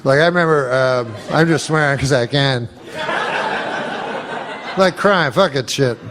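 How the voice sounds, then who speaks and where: A male comedian telling a rambling, profane story in a deadpan way, with many fillers. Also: mid-range voice, measured pace, background noise. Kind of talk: stand-up style storytelling.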